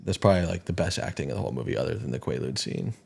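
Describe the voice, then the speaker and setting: A man's voice: rumbling low, expressive, rapid-fire, creaky, darkish tone, slightly rough. A man co-hosting a podcast in casual chat, animatedly retelling movie scenes and acting out lines. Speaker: podcast co-host.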